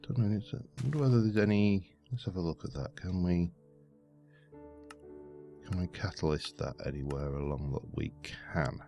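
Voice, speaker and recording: A man's voice: sits low, moderate pace, gravelly, warm tone. A man giving rambling, muttering commentary while playing a game. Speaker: let's play host. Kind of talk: casual gameplay commentary. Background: faint background music.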